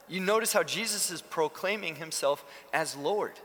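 Male preacher, lively pitch, acts out quotes, church hall echo. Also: normal speed. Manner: animated, acts out quoted lines. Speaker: pastor. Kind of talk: sermon. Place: church sanctuary. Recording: long reverb of a church hall.

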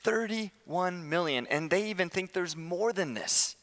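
A man preaching a sermon as pastor, impassioned, swinging from loud declarations to hushed, slow appeals. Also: high-pitched, lively intonation, in a large hall.

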